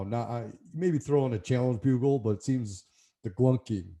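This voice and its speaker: A man hosting a podcast, asking musing, halting questions in a casual interview. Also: medium pitch, dark tone. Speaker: podcast host.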